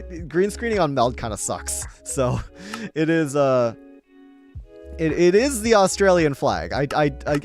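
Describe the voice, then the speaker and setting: A man casually chatting with his viewers during a live game stream, upbeat and laughing often. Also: a little high. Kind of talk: casual live-stream chat while playing.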